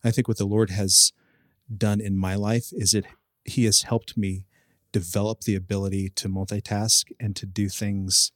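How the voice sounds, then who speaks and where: A man answering interview questions as a bivocational pastor, speaking earnestly and with measured care, often pausing on fillers. His voice is fairly low, and the sound is dry and close-miked. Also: flat delivery, dry recording.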